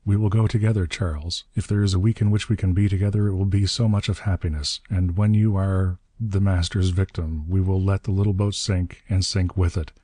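A man voicing a devoted young woman who speaks in a clear, even little voice. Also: low-pitched, a little fast, few pauses, dry recording.

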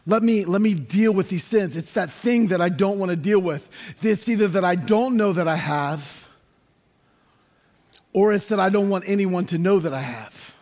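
A man preaching a sermon as pastor, impassioned and building to shouted lines. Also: sits high, normal speed. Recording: long reverb of a large hall.

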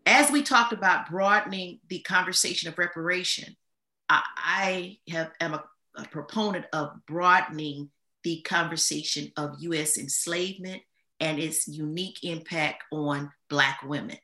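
Woman guest historian, bright tone, measured and deliberate delivery, slight room echo. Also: low voice. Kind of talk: podcast discussion.

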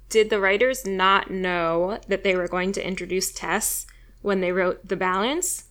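A woman co-hosting a podcast, chatting casually and firing off many questions with animated, joking energy. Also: medium pitch, measured pace. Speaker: podcast co-host. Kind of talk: casual chat.

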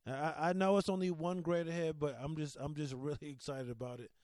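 Talking about his son on his own casual podcast, this thirtysomething host gets candid and emotional, rambling into a studio mic with restarts and the odd curse. He sounds a little high and brisk, with lively intonation and a darkish tone, and there's no echo.

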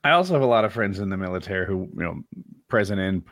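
Low-voiced, animated man cracking provocative jokes. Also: fast talker, dry recording. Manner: provocative, sarcastic, joking. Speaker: podcast co-host. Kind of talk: casual chat.

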